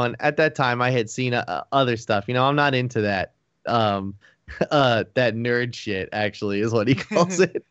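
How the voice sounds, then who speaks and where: A man's voice: mid-range voice, animated, normal speed, a bit bright, smooth, no room sound. A man hosts a podcast in loose casual chat. He rambles, leans on "like" constantly and laughs often. The recording is dull and lo-fi, with a dry, close sound. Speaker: podcast host.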